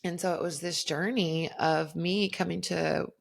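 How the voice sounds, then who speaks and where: A woman with a low voice hosting a podcast and telling a personal story. She talks casually and candidly, swearing freely. She laughs often and gets animated as she relives the moment. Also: unhurried, vocal fry. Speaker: podcast host.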